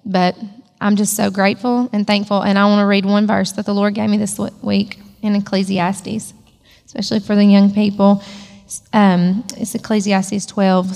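Woman with a gravelly voice telling her testimony. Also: medium pitch, darkish tone, in a large hall. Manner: emotional, storytelling. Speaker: church member giving testimony. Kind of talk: personal testimony.

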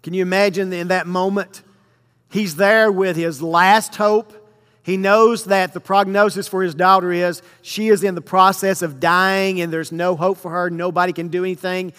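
Guy preaching, reads the verses slow then breaks them down, big echoey hall. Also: high voice, little pitch movement, fairly bright tone, clean tone. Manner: reads verses slowly, then explains with emphasis. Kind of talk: sermon with scripture reading. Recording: long hall reverb.

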